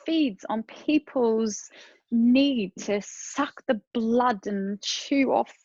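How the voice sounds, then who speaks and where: A woman talking as a podcast guest, giving earnest and animated advice in a casual interview. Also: on the high side, drawn-out words, no room sound, lo-fi sound.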